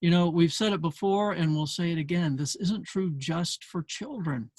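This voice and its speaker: A man's voice: a little high, moderate pace, darkish tone, husky, dry recording. An older man hosting a parenting show, explaining a book in an earnest talk with many fillers. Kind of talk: casual talk to camera.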